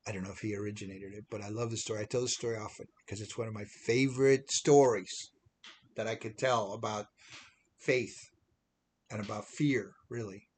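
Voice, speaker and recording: A man's voice: lowish voice, steady tone, fairly quick, a little mellow, breathy edge. A man giving an informal devotional talk as an online preacher, chatting along and often repeating and restarting phrases.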